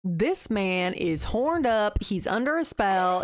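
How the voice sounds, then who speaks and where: A woman's voice: mid-range voice, animated, takes it slowly, hardly any pauses, no echo. A young woman co-hosting a podcast, recapping a book in casual, slangy chat and acting out the characters' lines. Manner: chatty, slangy, acts out quotes. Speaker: podcast co-host.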